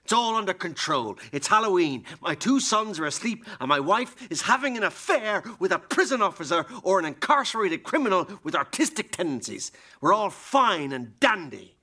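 An actor playing Leonard, a betrayed husband in a radio play, bitter and sarcastic. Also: male voice, high voice, very animated, moderate pace, few pauses, bright, forceful tone, exaggerated voice. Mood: mocking.

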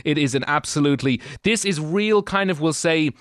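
A man's voice: a little high, brisk, dry recording, studio quality. A man co-hosting a radio show, chatting casually in jokey banter. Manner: animated, jokey. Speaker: radio co-host.

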